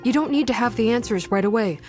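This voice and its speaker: Woman playing a calm, reassuring woman detective. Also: a little high, quick pace, faint music behind, close to an everyday voice. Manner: gentle and reassuring. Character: calm steady woman detective, mentor type.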